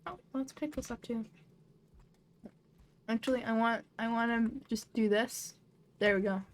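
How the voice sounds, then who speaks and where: A woman's voice: on the high side, fairly even intonation, unhurried, slight background noise. A young woman casually commenting while playing a video game, often startled into squeals and apologizing to the creatures on screen. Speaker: gamer. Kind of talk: casual let's-play commentary.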